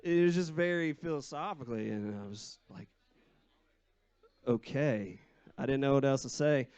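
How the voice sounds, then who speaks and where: A man's voice: medium pitch, a little fast, darkish tone, clear, resonant tone, no echo. A singer-songwriter man chatting between songs on a live bar stage, rambling and easygoing with many fillers. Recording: lo-fi live bar stream with music.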